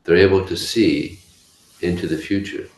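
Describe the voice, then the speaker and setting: A man teaching a scripture class, telling stories in a halting way with restarts. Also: low-pitched, fairly even intonation. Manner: halting, with restarts and story voices. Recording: echoey room, faint hiss.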